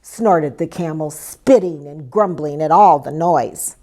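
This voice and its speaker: A woman reading a children's story aloud in an expressive way, inviting her listeners to join in. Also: deep voice, slow. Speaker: storybook reader.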